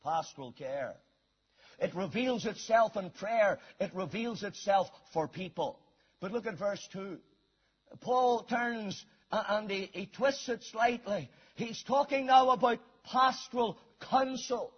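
A man preaching a sermon with emphatic delivery, rising to shouts and dropping to quiet asides. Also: high voice, unhurried, slightly rough. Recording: dull lo-fi sermon recording.

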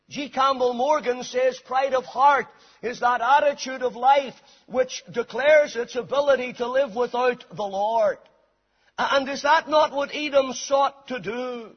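A man preaching a sermon, reading scripture aloud and expounding it with slow, emphatic delivery. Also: extremely high pitch, breathy edge. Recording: dull lo-fi sound in a reverberant hall.

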